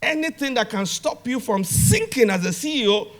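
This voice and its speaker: A man's voice: very high-pitched, lively intonation, moderate pace. A man speaking at a business conference, emphatic and direct, repeating phrases and calling out to the audience. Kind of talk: motivational conference talk. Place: conference hall.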